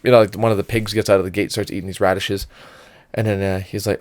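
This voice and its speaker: A man's voice: lowish voice, little pitch movement, quick pace, no room sound. A man co-hosting a casual podcast, retelling a kids' movie in a rambling way, full of likes and ums. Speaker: podcast co-host.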